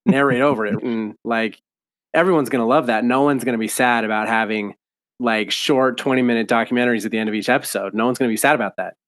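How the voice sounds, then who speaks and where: A man's voice: mid-range voice, fast, a bit bright. Male podcast co-host with a mid-range voice, casual review chat, loose and chatty with lots of fillers.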